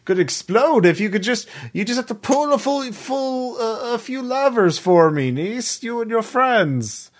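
Man putting on a fussy high-pitched old uncle. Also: lively intonation, measured pace, few pauses. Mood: coaxing. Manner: high, fluttery, evasive and coaxing. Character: fussy eccentric old uncle tinkering in a scrap fortress.

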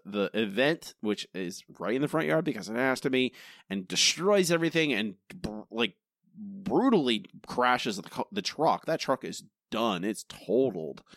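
This medium-pitched male co-host critiques a TV episode for his podcast, speaking casually and emphatically with animation and frequent restarts. The sound is studio quality with no echo.

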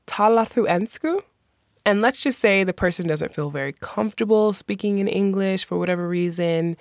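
A woman teaching common phrases in a patient, encouraging way, slowing down and repeating each one to model how it sounds. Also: fairly low pitch, no echo, studio quality. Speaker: language teacher. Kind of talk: phrase lesson with slow repetition.

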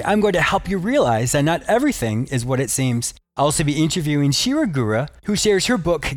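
A man's voice: a little high, sing-song, a little fast, hardly any pauses, no room sound, soft background music. A man hosting his own podcast and radio show as a psychotherapist, opening with an upbeat, promotional intro and then moving into an explanatory teaching talk.

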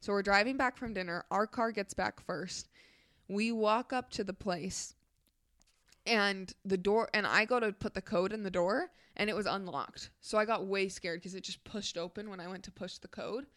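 Young woman podcast co-host, animated storyteller, mid-pitched, giggly. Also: moderate pace, no echo, clean studio sound. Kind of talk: casual chat.

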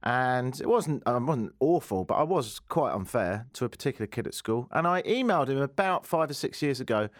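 A man co-hosting a radio show in a casual, playful, self-mocking chat with quick asides. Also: mid-range voice, sing-song, dry recording, studio quality. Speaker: radio co-host.

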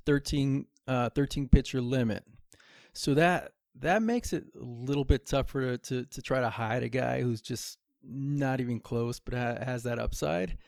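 A man co-hosting a casual podcast, speaking haltingly and repeating words as he starts his sentences. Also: mid-range voice, vocal fry, dry recording, studio quality. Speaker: podcast co-host.

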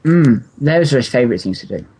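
A man co-hosting a casual comedy podcast, talking in a deadpan, rambling way. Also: medium pitch, fairly quick, husky. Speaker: podcast co-host.

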